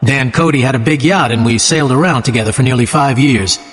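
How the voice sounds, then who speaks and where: A man's voice: mid-range voice, fast talker, fairly bright tone, faint music behind, lightly acted. Audiobook: eager, dreamy wealthy gent, read by a man in his own voice, echoing hall. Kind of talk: audiobook character voice. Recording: long hall reverb.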